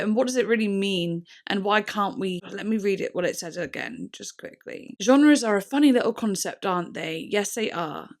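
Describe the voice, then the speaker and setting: A woman hosting a music reaction video, chatting excitably, swearing freely and trailing off into fillers. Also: on the high side. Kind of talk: casual reaction chat.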